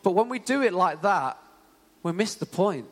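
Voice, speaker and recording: A man's voice: high-pitched, normal speed, husky. A young man preaching a sermon in a casual, storytelling way, full of "you know" fillers. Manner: conversational, animated storytelling with many fillers. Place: church hall. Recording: long church hall reverb.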